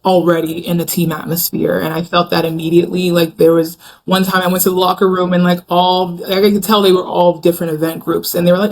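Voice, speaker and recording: A woman's voice: fairly low pitch, a little fast, creaky, a little hiss or hum. Chatty young woman telling stories. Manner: chatty, animated storytelling with voiced quotes. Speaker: interview guest, Olympic hammer thrower. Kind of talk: casual podcast interview.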